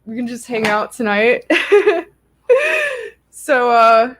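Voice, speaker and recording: A woman's voice: on the high side, slow pace. A young woman hosting a livestream, telling a story casually with lots of "like" fillers. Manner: chatty, lots of "like" fillers, animated retelling. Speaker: livestream host.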